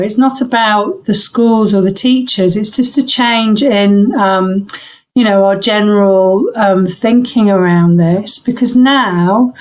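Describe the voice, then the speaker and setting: A middle-aged woman, a voice coach, talking thoughtfully in an interview, pausing to search for words and restarting her sentences. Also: medium pitch, a little mellow, rough recording. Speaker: voice coach guest. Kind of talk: reflective interview talk.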